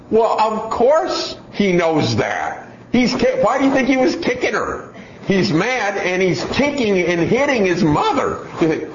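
A middle-aged man preaching a sermon, telling stories and acting out voices in an animated way. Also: fairly low pitch, normal speed. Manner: animated storytelling with acted-out voices. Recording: dull roomy hall sound, faint noise.

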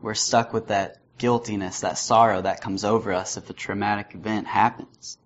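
A young man delivers a sermon that opens with a light personal anecdote and chuckles at his own story. His voice sits low. The recording is slightly dull, with a faint hiss behind it. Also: level tone, moderate pace. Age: young adult. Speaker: student preacher. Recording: slightly muffled with faint noise.

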